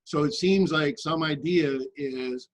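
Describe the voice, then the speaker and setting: A man's voice: on the high side, no echo, rough recording. Earnest man speaking with passion. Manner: earnest, impassioned, halting restarts. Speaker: guest in a remote viewing discussion. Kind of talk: casual group discussion.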